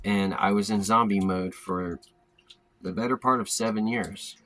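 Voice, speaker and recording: A man's voice: lowish voice, steady tone, unhurried, a bit bright, soft background music, low-quality recording. A man telling stories about his life in a blunt, profane casual monologue, often slipping into the voices of people he quotes. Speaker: storyteller ranting to camera. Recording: audible background noise with clicks.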